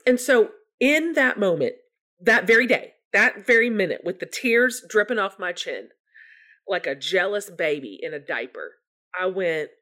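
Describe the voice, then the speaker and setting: A woman's voice: medium pitch, big pitch swings, normal speed, a bit bright. A woman guest telling a personal story candidly and with self-deprecating humor, acting out her own past words. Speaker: guest author.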